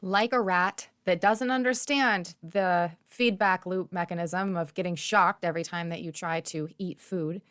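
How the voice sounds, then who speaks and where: A woman talks about films in a casual vlog, swinging between gushing excitement and dry sarcasm. Her voice sits a little low for a woman. The sound is close and dry, with no room around it. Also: measured pace, hardly any pauses, dry recording. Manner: gushing, animated, sarcastic asides. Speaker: movie vlogger. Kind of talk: casual chat.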